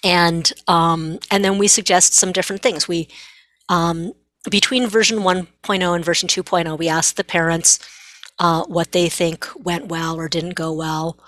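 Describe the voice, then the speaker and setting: A middle-aged woman psychiatrist speaks as an interview guest, explaining things earnestly and slipping into bits of dialogue. Her voice sits on the low side and the recording is dry. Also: fairly even intonation, moderate pace, a bit bright, no echo.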